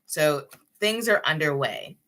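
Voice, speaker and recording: A woman's voice: low voice, big pitch swings, unhurried, fairly bright tone. A young woman hosting a live tarot stream, chatting casually with her viewers and laughing often.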